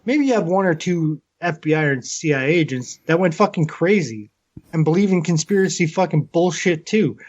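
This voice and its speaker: A fairly high-voiced Canadian man ranting on a podcast, swearing freely as he talks. His voice comes through a little muffled and lo-fi. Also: normal speed. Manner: animated, swears constantly. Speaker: podcast co-host. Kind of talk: casual profane chat. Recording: slightly muffled lo-fi audio.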